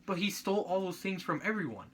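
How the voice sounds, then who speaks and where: A young man talks through a book chapter like a student presenter, in a casual, meandering way. His voice sits a little high and sounds bright and forceful. He keeps correcting himself and filling gaps with fillers. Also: lively intonation, fast, slight background noise. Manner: rambling, filler-heavy, self-correcting.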